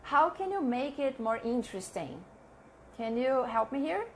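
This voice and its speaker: A woman teaching a live online English lesson, chatting with viewers and repeating example sentences slowly, with frequent laughs. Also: high-pitched, big pitch swings, slight background noise. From Brazil.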